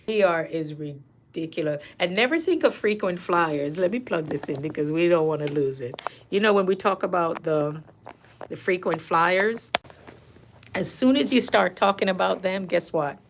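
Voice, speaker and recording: A middle-aged woman host telling casual, animated stories from her nursing work, laughing and acting out patients' lines. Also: on the low side. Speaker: nurse coach and channel host. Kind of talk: casual storytelling.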